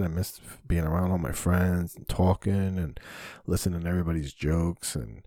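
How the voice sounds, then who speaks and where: A man with a low-pitched, dark voice gives a casual solo podcast monologue, recorded with no room sound in his small home basement studio. He's a stand-up comedian and host who rambles candidly, cursing and using lots of fillers.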